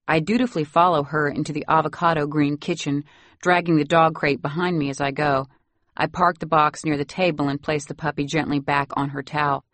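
A woman reading a first-person novel with a wry, dry edge. Her voice sits low, and the recording is close and dead, with no room sound. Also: no room sound. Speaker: narrator. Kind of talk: audiobook narration.

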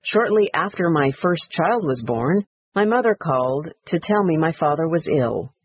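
Man narrating a story, reflective, slightly raised pitch, husky voice, dry muffled recording. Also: animated, moderate pace. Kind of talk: read-aloud story narration.

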